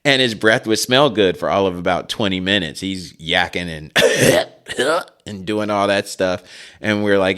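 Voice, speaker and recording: Low-voiced man in his forties telling stories. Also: a little slow, fairly bright tone, clear, resonant tone. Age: 40s. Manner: rambling, chuckling, frequent asides. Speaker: podcast host. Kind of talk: casual storytelling.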